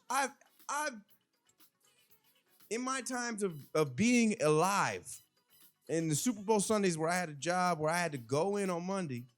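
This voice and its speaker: Animated male podcast host, faint music behind. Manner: animated, swings between loud exclaiming and low muttering, many restarts. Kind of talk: casual monologue on current events. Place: home.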